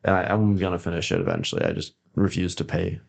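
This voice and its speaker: A man's voice: low-pitched, sing-song, fast talker, gravelly. A man co-hosting a live podcast, riffing in casual comedic banter with hype-man energy. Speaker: podcast co-host.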